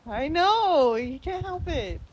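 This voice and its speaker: A young woman with a high voice talks casually as a podcast guest and laughs easily between her sentences. Faint noise sits under the recording. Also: big pitch swings, takes it slowly, darkish tone. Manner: giggly, laughs often while talking. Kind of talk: casual chat.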